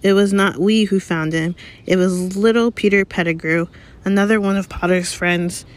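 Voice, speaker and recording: A woman's voice: medium pitch, fairly even intonation, moderate pace, lightly acted. A woman voicing a pompous, anxious middle-aged male government minister in an audiobook, grave and official in manner. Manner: grave, official, speaks bitterly and sharply.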